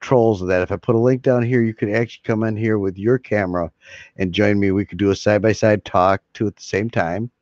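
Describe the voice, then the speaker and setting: A man's voice: lowish voice, steady tone, a little fast, darkish tone, dry recording. Guy rambling on his livestream, jokey and loose, dry dull mic sound. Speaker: livestream host. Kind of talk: casual live stream chat. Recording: dull lo-fi stream audio.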